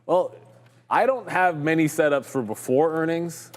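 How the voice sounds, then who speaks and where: A man co-hosting a live trading show, talking through chart setups in a chatty, joking way with quick asides. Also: on the high side, big-room sound. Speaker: stock market show co-host.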